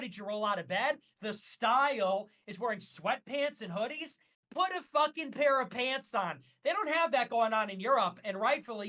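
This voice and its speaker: As a guest on a casual livestream, a man rants emphatically and with strong opinions, using lots of fillers. His voice sits high, bright and forceful.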